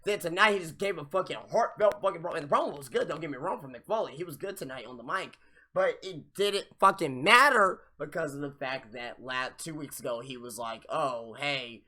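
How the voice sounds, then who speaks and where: A young man hosting a live wrestling review, ranting in a profane, exasperated way with sudden loud outbursts. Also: on the high side, lively intonation, brisk. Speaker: podcast host reviewing wrestling.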